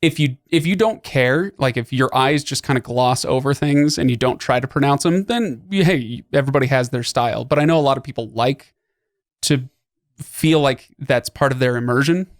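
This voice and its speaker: A man's voice: mid-range voice, moderate pace, dry recording, clean studio sound. A man hosting a podcast, explaining at length in a casual way with lots of fillers and restarts. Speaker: podcast host.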